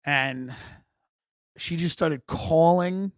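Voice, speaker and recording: A middle-aged man hosting a comedy podcast, telling a story in a profane, animated, exaggerating way. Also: fairly high pitch, drawn-out words, no room sound, studio quality. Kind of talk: comic storytelling.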